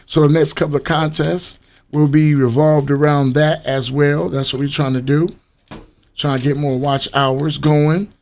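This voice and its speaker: A man's voice: fairly high pitch, flat delivery, a little slow, a little mellow. Chatty livestream host, man. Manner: loose, chatty, talks straight to viewers. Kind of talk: casual live-stream chat.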